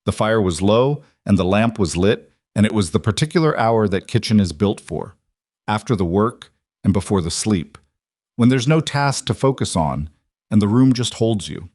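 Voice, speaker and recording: A man narrating a scripted story in a calm, even tone. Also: on the low side, normal speed, no echo, studio quality.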